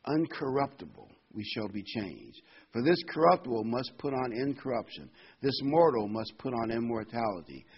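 An older man preaching a sermon, reading scripture aloud and commenting between verses, rising in pitch and volume when he reads the verses. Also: very animated, moderate pace, husky. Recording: dull lo-fi sound with faint noise.

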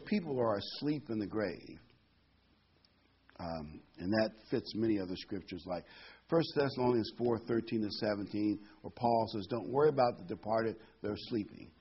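Husky man teaching scripture folksily. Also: fairly low pitch, expressive, normal speed, muffled recording. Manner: folksy, with corny jokes and many fillers. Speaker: preacher. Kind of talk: informal Bible teaching.

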